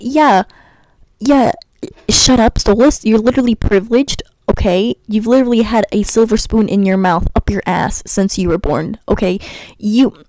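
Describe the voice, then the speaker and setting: Ranting about a cartoon episode as she games, a young woman YouTuber speaks at a moderate pace in a medium-pitched, darkish voice. The rough recording catches her sassy exasperation, frequent sighs, and stumbled words.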